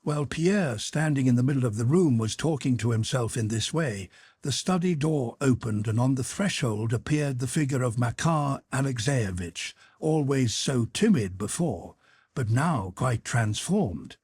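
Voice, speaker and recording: A man reading a classic novel aloud as an audiobook narrator, expressive and dramatic. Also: medium pitch, unhurried, slightly rough, dry recording, studio quality. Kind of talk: scripted narration.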